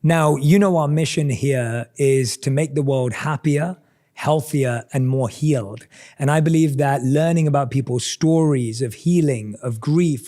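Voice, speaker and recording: A man hosting a podcast interview in a mellow, warm voice. He welcomes his guest graciously and with enthusiasm, then asks his questions. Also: medium pitch. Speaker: podcast host. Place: seated indoors for an interview.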